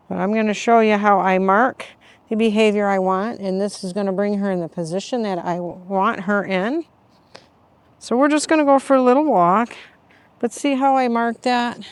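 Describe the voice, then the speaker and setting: A middle-aged woman talks through a casual training vlog while out on a walk. Her voice sits at an ordinary pitch and stays calm and explanatory. Now and then it lifts into high, sing-song calls of praise for a puppy. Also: clean tone, no echo. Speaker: dog owner and trainer. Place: outdoors on a neighborhood walk.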